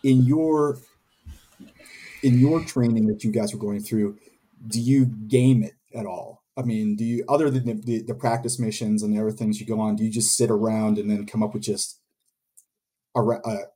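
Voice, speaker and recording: A lower, mellow-voiced man with a husky edge hosts a casual panel. His questions wander and pile up with "like" and "you know" before he reaches the point. His tone stays relaxed throughout. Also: moderate pace. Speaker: co-host working in esports and gaming.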